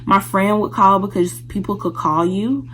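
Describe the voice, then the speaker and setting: A woman vlogging to camera, telling her own story in a frank, conversational way. Her voice sits at an ordinary middle pitch. She speaks directly to the people watching, with a faint hum behind her. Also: normal speed, a bit bright, rough recording. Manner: candid, talks straight to viewers.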